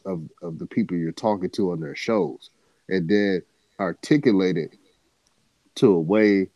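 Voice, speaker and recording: A man's voice: low-pitched, warm tone, no echo, highs cut off. A man co-hosting a casual sports talk show, earnestly explaining his points with examples. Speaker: co-host.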